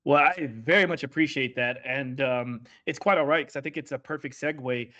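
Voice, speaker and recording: A man hosting a podcast, chatty and rambling and quick to laugh. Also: mid-range voice, a bit bright, muffled recording. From Southern United States. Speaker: podcast host. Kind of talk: casual interview chat.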